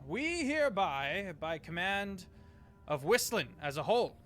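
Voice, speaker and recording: A man voicing a male human ambassador who proclaims in a loud, booming, formal voice. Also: big pitch swings, a little slow, soft background music, heavily acted. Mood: proclaiming.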